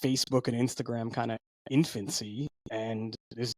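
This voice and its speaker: A man's voice: medium pitch, fairly even intonation, moderate pace, no room sound. Rambling storytelling podcast co-host man. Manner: rambling storyteller, lots of fillers and restarts. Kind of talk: casual podcast chat.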